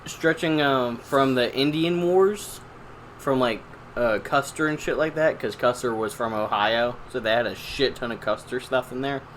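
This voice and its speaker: Crude joking young man, bright voice. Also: mid-range voice, normal speed, a little hiss or hum. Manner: crude, joking, swears a lot. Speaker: podcast co-host. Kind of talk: casual podcast chat.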